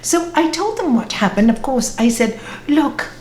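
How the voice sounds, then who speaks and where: A woman's voice: a little high, big pitch swings, normal speed. A woman spiritual teacher answering audience questions on a video call, telling stories earnestly and correcting herself as she goes. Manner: storytelling, warm and earnest, with self-corrections. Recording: echoey video call room with faint noise.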